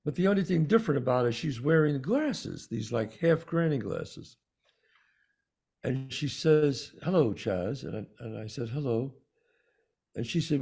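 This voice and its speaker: A man with a New York accent, co-hosting a talk show and telling a personal story in an animated way, acting out the voices of the people in it. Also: medium pitch, a little slow, gravelly, slightly rough. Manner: animated storyteller, acts out quoted dialogue. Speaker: podcast co-host. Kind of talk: storytelling in casual conversation.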